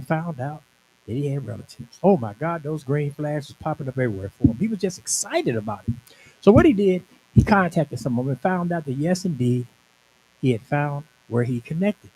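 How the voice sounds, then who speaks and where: A man's voice: fairly high pitch, big pitch swings, brisk, mellow, slight background noise, rough recording. A man in his sixties, a minister, telling a personal testimony at a conference in a conversational, emphatic storytelling way. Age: 60s. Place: conference venue.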